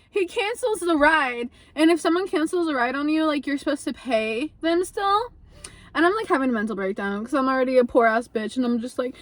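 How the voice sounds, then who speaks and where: Young woman vlogger, high voice, chatty profane storytime delivery, lots of filler "like". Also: moderate pace. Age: young adult. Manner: chatty, profane, animated, heavy use of like. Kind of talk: casual storytime vlog.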